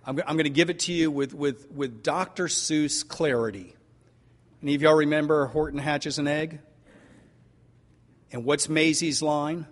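Folksy older preacher in a reverberant hall. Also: male voice, a little high. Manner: folksy, animated preaching with drawn-out emphasis. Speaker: pastor. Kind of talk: sermon. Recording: long reverb of a large hall.

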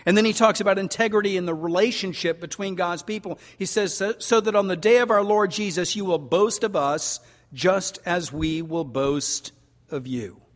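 Older male pastor, folksy and animated delivery, slightly high voice, long hall reverb. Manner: folksy, animated preaching with drawn-out emphasis. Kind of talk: sermon.

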